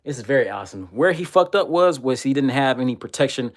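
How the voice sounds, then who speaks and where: A man's voice: mid-range voice, animated, fast talker. Profane Texan man ranting on a livestream. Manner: heated, loud and profane when angry, repetitive insults. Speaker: livestream host reading comments.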